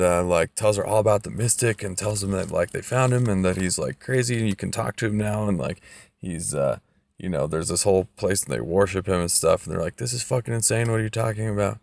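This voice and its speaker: A man's voice: deep voice, vocal fry. A man casually recapping a story, loose and profane, with lots of fillers.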